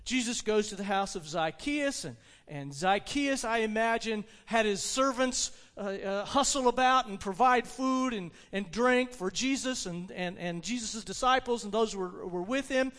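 A man preaching a sermon, retelling a story with animated delivery and frequent restarts. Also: high voice, normal speed, hardly any pauses. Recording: long hall reverb.

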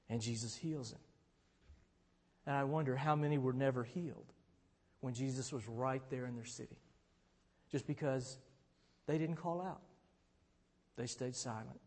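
A man preaching a sermon in a relaxed, conversational way, now and then rising to shouts as he retells a story. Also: medium pitch, unhurried, long pauses. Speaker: pastor. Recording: long hall reverb.

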